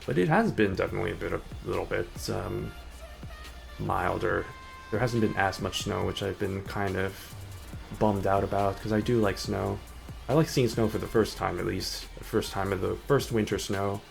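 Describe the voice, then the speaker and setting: Gravelly low-voiced chatty male streamer. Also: normal speed. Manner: rambling, filler-heavy, chatty. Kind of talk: casual gaming chat. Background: faint background music.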